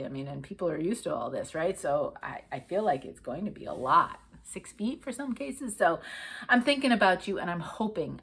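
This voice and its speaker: A woman's voice: low voice, slightly rough. A middle-aged woman from Connecticut hosting a cross-stitch vlog, chatting in a rambling way with lots of fillers and restarts. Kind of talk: casual chat.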